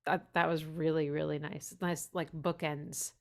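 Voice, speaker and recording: A woman's voice: sits low, flat delivery, a little slow, vocal fry. Enthusiastic woman reviewing a song. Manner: enthusiastic, warm praise, hums melodies along. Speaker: music teacher giving song feedback. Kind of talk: casual spoken critique over playback. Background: music playing.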